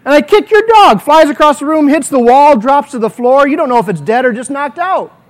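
A man's voice: very high voice, lively intonation, a little fast. A male pastor preaching a sermon. He prays earnestly and tells vivid, playful hypothetical stories. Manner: earnest prayer. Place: church.

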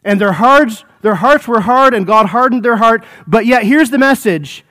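A man's voice: very high-pitched, lively intonation, moderate pace, pushed and bright. A man preaching an expository sermon, repeating phrases, exclaiming and calling his listeners folks.

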